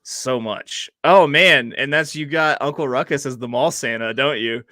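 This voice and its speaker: A man co-hosting a casual podcast chat. He talks excitably, with stammered restarts and emphatic agreement. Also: medium pitch, moderate pace, no room sound. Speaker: podcast co-host.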